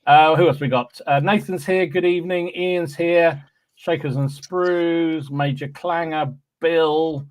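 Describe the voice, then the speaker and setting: A man's voice: on the high side, fairly even intonation, a little slow. A man hosting a podcast, cheerfully reading out live chat greetings with frequent ums and restarts. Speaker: podcast host.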